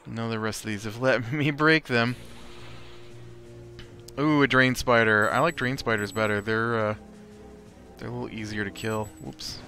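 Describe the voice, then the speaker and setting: A man's voice: mid-range voice, steady tone, moderate pace, long pauses, bright, forceful tone, soft background music. A man hosting a let's play, giving casual gameplay commentary in a chatty way, reacting aloud to the game and laughing often.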